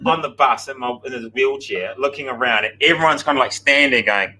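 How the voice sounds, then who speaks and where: A man, chatting casually and telling a rambling, animated anecdote on a breakfast show. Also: mid-range voice, brisk, breathy edge, rough recording. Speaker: gym coach on breakfast show. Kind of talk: casual storytelling banter.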